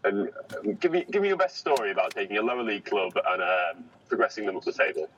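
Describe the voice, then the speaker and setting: Low, bright male co-host, dry mock interviewer, distant and muffled in a car. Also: expressive, fast talker, background noise. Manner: dry, mock-formal questioning. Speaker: podcast co-host asking questions. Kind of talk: casual banter, mock interviewer. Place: inside a moving car. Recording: dull, distant car recording.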